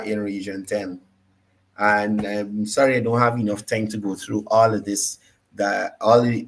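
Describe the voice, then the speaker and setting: A man with a Guyanese accent hosting a political talk show, combative and repeating his points for emphasis. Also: lowish voice. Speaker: political commentary host.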